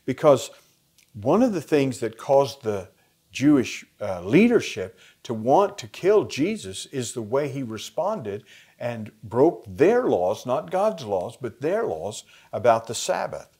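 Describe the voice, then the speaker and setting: A man with an American accent explaining a Bible passage in a conversational lesson, pausing with fillers. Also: medium pitch, very animated, mellow, breathy edge. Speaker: Bible study teacher. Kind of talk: teaching a lesson plan.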